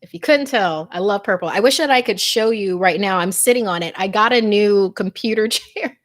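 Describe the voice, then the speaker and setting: A woman's voice: mid-range voice, moderate pace. A woman hosting a live stream, chatting casually and gushing over viewer comments with lots of fillers. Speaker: host.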